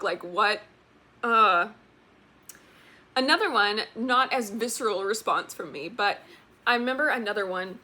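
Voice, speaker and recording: A young woman chatting casually on camera, ranting in an exasperated, animated way with sudden jumps in pitch. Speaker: book vlogger. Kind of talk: casual chat.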